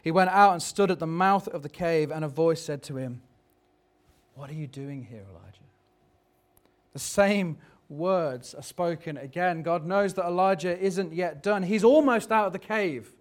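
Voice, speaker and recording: A man's voice: high-pitched, moderate pace, few pauses. A man preaching a sermon in a reflective, conversational way, turning dramatic when he reads scripture.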